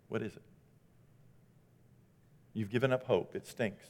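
A man preaching a sermon as pastor, dramatic, dropping to a hush and rising to loud exclamations. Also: medium pitch, measured pace, pauses often, long reverb tail. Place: church sanctuary.

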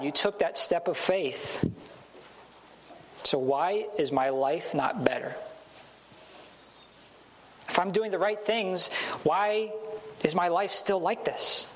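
A man's voice: a little high, slight background noise, poor audio. A male pastor preaching a sermon in a conversational way, sometimes acting out the voices he quotes.

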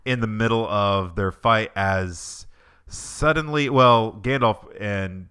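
A man's voice: on the low side, pushed and bright, clear, resonant tone. A man co-hosting a casual book podcast, chiming in and summarizing chapters. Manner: casual, chiming in with quick agreement. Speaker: podcast co-host. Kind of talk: casual book discussion chat.

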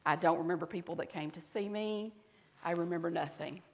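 A woman pastor with a Southern US accent gives a conversational sermon in a fairly low voice, talking to her congregation and sometimes dropping to soft, intimate tones. Her delivery is brisk, with slight background noise and the long reverb of a church hall.

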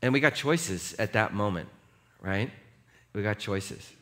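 Speaking in a lowish voice without hurrying, a middle-aged pastor gives a lively, joke-filled sermon. He chuckles at himself and leads the congregation in reading aloud.

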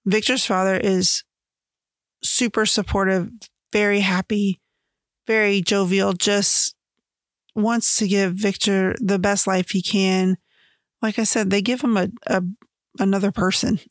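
A woman comparing a book and its film adaptation in casual, chatty commentary, laughing often and talking in an animated way. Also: medium pitch, dry recording, studio quality. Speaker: book reviewer.

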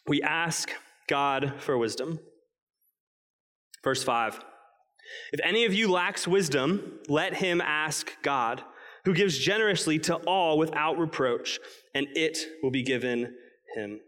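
A man with a fairly high voice preaches a sermon in a large hall, and the long reverb trails after his words. He is earnest and emphatic, slowing right down on the points he wants to land. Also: expressive, a bit bright. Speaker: pastor.

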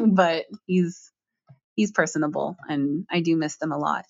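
A woman teacher answering interview questions earnestly, with frequent pauses. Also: sits low, fairly even intonation, creaky, no echo. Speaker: striking schoolteacher. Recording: slightly dull lo-fi sound.

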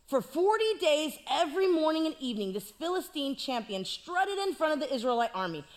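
Playful woman preacher, high lively voice, joking sermon delivery. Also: a little fast. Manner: playful, animated storytelling with jokes.

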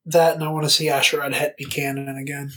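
A man's voice: on the high side, little pitch movement, fast, fairly bright tone. A man hosting a podcast in casual chat, rambling and stammering, swearing now and then. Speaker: podcast host.

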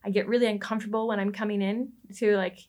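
A woman, a relationship coach, telling a personal story as a podcast guest, lively and quick to laugh. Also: medium pitch. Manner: animated, laughs often and acts out quoted lines.

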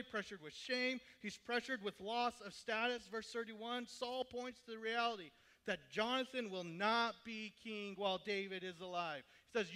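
A man's voice: high-pitched, sharp tone. A man preaching a sermon, reading scripture aloud and then explaining it in plain words.

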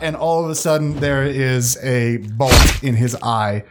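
Game master narrating a tabletop game. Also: male voice, mid-range voice, measured pace, hardly any pauses, a little hiss or hum. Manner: relaxed, laughing often.

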